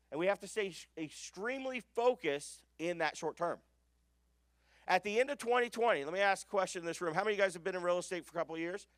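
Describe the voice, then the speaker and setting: A man's voice: high-pitched, fairly bright tone, no echo. A man giving an emphatic business coaching talk to a live audience, often putting questions to the room.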